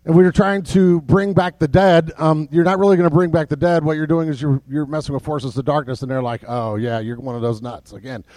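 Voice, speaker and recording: A man with a high-pitched voice delivers a sermon from the pulpit, chatty and full of fillers and restarts. He sometimes drops to a soft, low voice for emphasis. The sound is dry and close. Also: fairly even intonation, fairly quick, few pauses, no room sound. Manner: conversational preaching with many fillers and restarts. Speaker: pastor.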